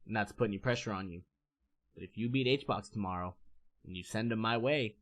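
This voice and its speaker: A man voicing a fellow player, a young man, in a deeper, measured and insistent tone. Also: close to an everyday voice.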